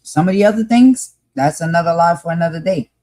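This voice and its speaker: A woman's voice: on the low side, a little fast, warm tone. Impassioned woman podcast co-host. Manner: passionate, emphatic, repeats points for force. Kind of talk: impassioned live discussion.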